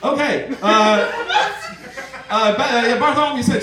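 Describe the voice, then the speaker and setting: High-voiced guy reading silly fan fiction at an open mic, rambling asides, echoey far-off sound with noise. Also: normal speed, a crowd in the background. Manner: rambling, full of asides and fillers. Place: bar open mic night.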